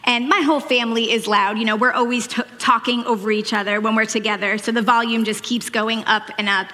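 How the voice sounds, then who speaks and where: A woman's voice: fairly high pitch, fairly even intonation, fairly quick, bright, forceful tone, long reverb tail. A woman in her forties from Long Island, New York, with a faded Long Island accent, giving a chatty, self-deprecating Mother's Day sermon from a church stage. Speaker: church speaker.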